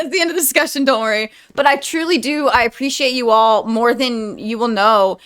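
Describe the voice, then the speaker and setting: Her voice a little high, clear and resonant, a young woman talks slightly fast with hardly any pauses in a movie-reaction vlog. She's warm toward her viewers, chatty and rambling, using "like" often.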